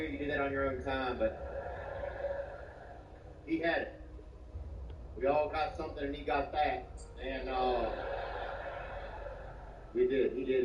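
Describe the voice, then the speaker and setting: A man doing rambling, deadpan stand-up comedy, filling his lines with "you know.". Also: a little high. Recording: echoey, distant, dull, noisy live room.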